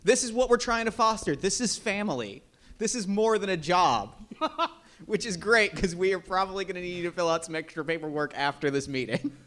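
A man acting as game master, talking in a mock-managerial, deadpan boss tone. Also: high-pitched. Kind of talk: improvised tabletop game narration.

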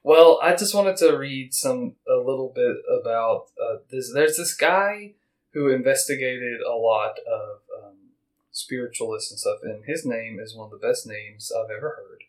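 A man with a medium-pitched voice hosts a laid-back, rambling podcast, reading passages aloud and pausing to chat and joke. He slips into quick voices for the quotes, and the recording is rough.

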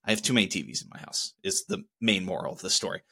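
A man's voice: sits low, lively intonation, fast talker, vocal fry, pushed and bright, breathy edge. A young man hosting his own solo podcast, talking casually in a rambling, profane, heated way. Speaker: podcast host.

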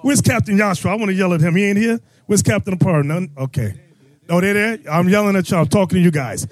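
A man preaching and teaching scripture to a crowd, loud and emphatic, calling out his listeners. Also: sits high, fast, dry recording. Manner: loud, emphatic, calls out the audience. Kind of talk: street-style scripture teaching.

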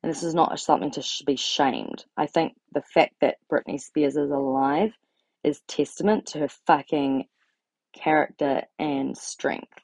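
Low gravelly woman ranting bluntly. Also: unhurried, a little mellow, no room sound. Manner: blunt, sweary, exasperated. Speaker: vlogger. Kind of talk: ranting casual monologue.

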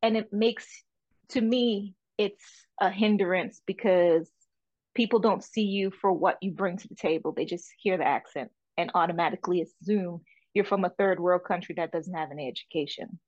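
A woman's voice: on the low side, normal speed, no room sound. Caribbean lady, french first language, chatting in an interview, kinda muffled dry audio. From French Saint Martin, Caribbean. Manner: animated, emphatic, frequent "you know". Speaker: interview guest, artist and caterer. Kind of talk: casual interview talk.

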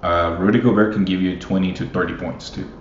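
A young basketball fan rambles through casual solo commentary in a deep, steady voice, a little fast, swearing freely and laughing often. The recording is roomy and muffled with faint hiss.

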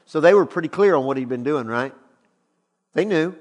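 Animated male preacher in a reverberant hall. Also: a little high, moderate pace. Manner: animated, emphatic storytelling preaching. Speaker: pastor. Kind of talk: sermon.

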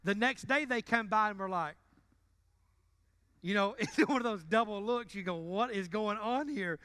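A male pastor with a twang delivers a sermon in a church. He has a high, bright voice. He jokes with the congregation, then jumps from loud bursts to quiet asides. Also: moderate pace, smooth. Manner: joking and conversational, swinging between loud bursts and quiet asides. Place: church sanctuary.

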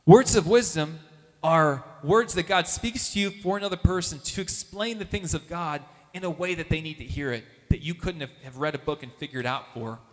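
A man, a youth minister, giving an animated testimony talk and acting out the voices of the people in his story. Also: on the high side, normal speed, in a large hall.

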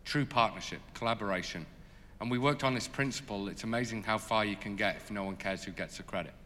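A man telling stories in an interview as a charity leader, animated and full of fillers. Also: lowish voice, fast, big-room sound, slight background noise. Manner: animated, lots of fillers, laughs as he tells it. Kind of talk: storytelling in an interview.

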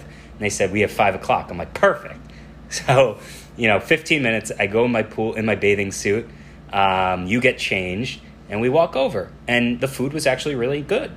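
Low-voiced man in casual chat. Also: slight background noise. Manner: relaxed storytelling, acting out dialogue. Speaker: podcast co-host.

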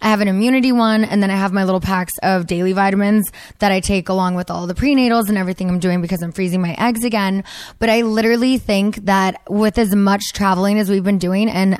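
A woman in her thirties hosts a casual podcast, telling stories animatedly with plenty of fillers. Her voice sits at a middle pitch. The sound is dry, with no room around it. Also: clean tone, no room sound. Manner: animated storytelling, lots of fillers. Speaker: podcast host. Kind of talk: casual chat with ad read.

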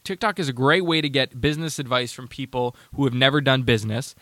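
A man's voice: medium pitch, fast, bright, forceful tone, dry recording. A man hosting a casual talk show, sarcastic and rambling, with many restarts. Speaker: podcast host. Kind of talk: casual commentary.

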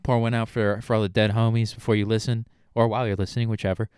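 A young man rambles through a solo podcast, hyped and a bit all over the place, swearing casually. His voice sits on the low side and sounds smooth and clear. The recording is dry and close, with no room echo. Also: level tone, quick pace, darkish tone. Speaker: podcast host. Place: studio.

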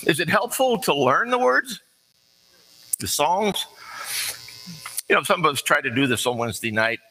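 Bright-voiced man preaching a folksy sermon. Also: on the high side, lively intonation, normal speed, poor audio. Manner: earnest, conversational, with folksy asides.

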